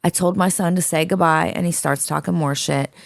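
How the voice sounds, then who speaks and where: Woman, podcast co-host, lowish voice, reads a story aloud, blunt, profane, dry room. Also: fairly even intonation, a little fast, gravelly, dry recording. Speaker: podcast co-host reading a listener letter. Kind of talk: casual podcast chat, reading aloud.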